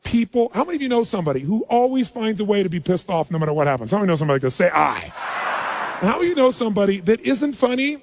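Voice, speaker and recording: A man delivers a motivational seminar speech in a high voice, shifting from hushed storytelling to urging the audience. His voice rings with the long reverb of a big hall. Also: very animated, rapid-fire, background noise. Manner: storytelling, then urging the crowd. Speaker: motivational speaker.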